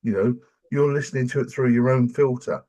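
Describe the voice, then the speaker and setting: Husky older Englishman telling stories. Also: medium pitch, fairly quick. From England. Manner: animated storyteller, acts out quoted voices. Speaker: podcast host. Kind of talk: casual chat.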